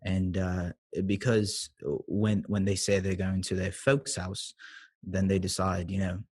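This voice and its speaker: A man putting on a Cockney accent as a chatty British gentleman who rambles in a lowered, quiet voice. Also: monotone, measured pace, breathy edge. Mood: rambling. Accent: Cockney (put on).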